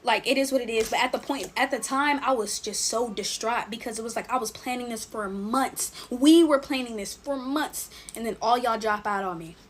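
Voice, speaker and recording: A young adult woman narrating a personal story in a casual storytime style, animated and emphatic. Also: on the high side, brisk, few pauses.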